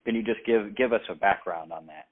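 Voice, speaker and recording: Low-voiced hesitant male interviewer. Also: a little fast. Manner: hesitant, hedging questions. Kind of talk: interview questions. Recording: tinny, phone-like sound.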